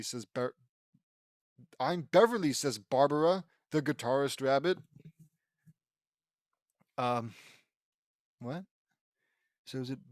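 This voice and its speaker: A man with a mid-range voice reads a fan-fiction audiobook aloud, tripping over words and interrupting himself with sarcastic asides. There's no room sound.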